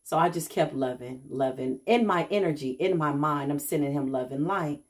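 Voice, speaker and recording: Woman, middle-aged, casual storytelling vlog, somewhat low pitch, animated, plays out quoted voices. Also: moderate pace. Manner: animated, acts out quoted people, addresses viewers as y'all. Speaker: self-described healer.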